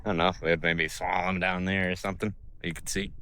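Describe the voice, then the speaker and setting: Speaking fast in a low, forceful, bright voice, this man delivers his lines flatly while vlogging from a mountaintop. He's a travel vlogger narrating casually into a handheld camera, rambling, joking and clearly in awe of the scenery.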